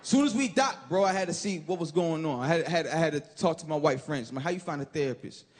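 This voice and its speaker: A man from Chicago performing an animated, profane stand-up set on a comedy stage, shouting his punchlines. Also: fairly high pitch, quick pace. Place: comedy stage before a laughing live audience. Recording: loud live room noise.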